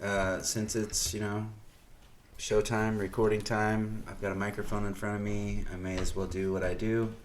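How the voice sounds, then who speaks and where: A man co-hosting a podcast, chatting casually in a rambling, relaxed way with fillers and pauses. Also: on the low side, a little hiss or hum. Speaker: podcast co-host. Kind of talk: casual chat.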